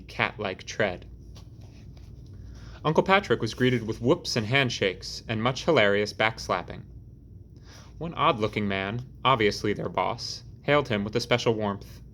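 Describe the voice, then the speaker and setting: A man narrating a novel in a steady, measured audiobook reading. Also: fairly low pitch. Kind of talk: scripted narration.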